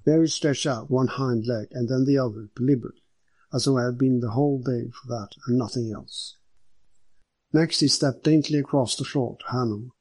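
A man reading a detective story aloud as the narrator, in a measured, even manner. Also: mid-range voice, breathy edge, no room sound. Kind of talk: scripted audiobook narration.

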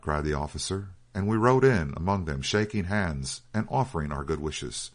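A man with a very low voice reads a story aloud as an audiobook narrator. His delivery is measured and steady.

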